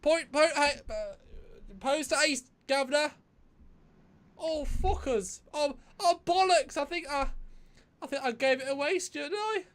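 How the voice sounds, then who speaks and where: A man putting on a flustered, blustering Cockney character in a high, strained falsetto with a mock Cockney accent. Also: measured pace, fairly bright tone.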